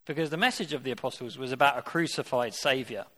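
A man's voice: mid-range voice, quick pace, bright, forceful tone. A man preaching a sermon. He reads scripture aloud and then puts questions directly to his listeners. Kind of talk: interactive sermon.

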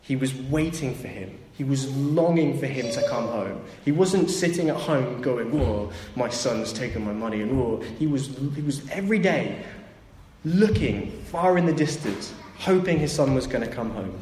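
A man's voice: mid-range voice, animated, moderate pace, a little mellow, a little hiss or hum. A man preaching a sermon, retelling a story and briefly acting out its characters' voices. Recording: echoey hall, faint ambience.

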